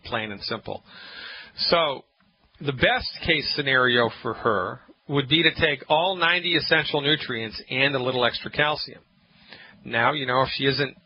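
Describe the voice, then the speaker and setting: A man hosting a call-in health radio show as a naturopath, emphatic and jokey, on a dull lo-fi broadcast. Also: mid-range voice. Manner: emphatic, jokey, rants with mock-angry acted quotes.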